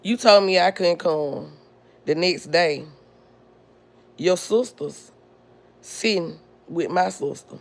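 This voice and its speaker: A podcast host tells a personal family story, her delivery blunt, indignant and drawn out. She's a woman with a gravelly voice on the low side.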